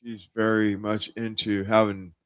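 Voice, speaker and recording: On his casual political livestream, this host speaks in a lowish voice with a flat, unhurried delivery. He rambles, restarting sentences and leaning heavily on fillers.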